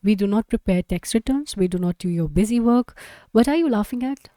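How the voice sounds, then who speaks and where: A woman's voice: mid-range voice, a little fast, mellow, no room sound, close to an everyday voice. A woman voicing a middle-aged male lawyer who talks in an exasperated, complaining way. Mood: grumbling.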